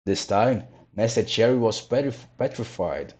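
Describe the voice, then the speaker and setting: A man reading a children's classic aloud in a measured, steady way. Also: on the low side. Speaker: narrator. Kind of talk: storybook read-aloud.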